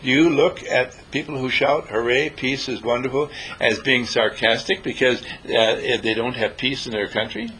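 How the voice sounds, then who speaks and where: A man's voice: medium pitch, steady tone, normal speed, hardly any pauses, pushed and bright, slightly rough, low-quality recording. A man giving an inspirational talk on peace to a small group, playful and preachy, sometimes acting out other people's voices. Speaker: spiritual teacher.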